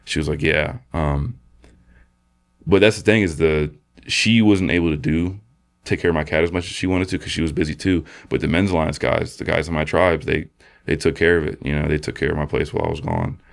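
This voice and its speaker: A man, a podcast guest, sharing a personal testimony in a halting, soft-spoken way with many fillers and restarts. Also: rumbling low, vocal fry. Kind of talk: personal testimony in casual conversation.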